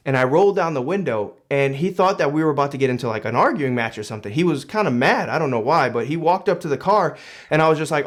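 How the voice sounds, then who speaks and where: A man's voice: a little high, expressive, fast talker. Casual man reflecting on a book. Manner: reads a passage aloud, then muses on it conversationally with fillers. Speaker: book commentator. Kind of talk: casual reading and commentary.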